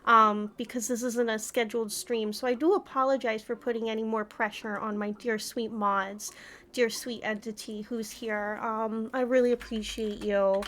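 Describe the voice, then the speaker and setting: A woman's voice: a little high, level tone, normal speed, a bit bright. A woman streamer chatting casually with her live audience, flustered and giggling often. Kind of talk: casual livestream chat.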